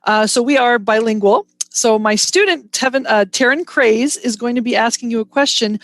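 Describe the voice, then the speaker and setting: Bright, friendly female teacher, dry sound. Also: fairly high pitch, moderate pace, no echo. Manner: friendly, mixing French and English. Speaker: French immersion teacher. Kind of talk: introducing a student on a video call.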